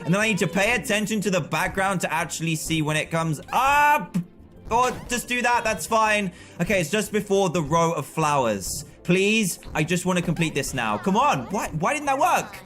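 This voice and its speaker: A man streaming live gameplay with excitable, frustrated commentary, often yelling at the game. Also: high voice, moderate pace, soft background music.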